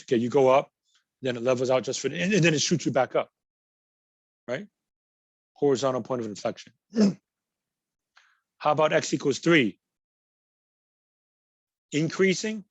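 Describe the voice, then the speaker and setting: A math instructor with a mid-range voice teaches a college math class in a recorded lecture with no echo, patiently working through examples and repeating key words.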